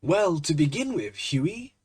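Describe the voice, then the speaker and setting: Sex: male, voiced by a man. Figure: jovial, teasing painter friend in a storybook. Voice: raised, husky and lively. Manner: loud, hearty. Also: on the high side, measured pace, voice pushed up, exaggerated voice. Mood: hearty, amused.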